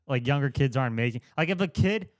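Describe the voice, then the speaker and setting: Young male podcast co-host, relaxed chatty talker, smooth voice, dry studio sound. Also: mid-range voice, fast, no room sound. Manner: relaxed, chatty, laughs along. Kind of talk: casual chat. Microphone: studio microphone.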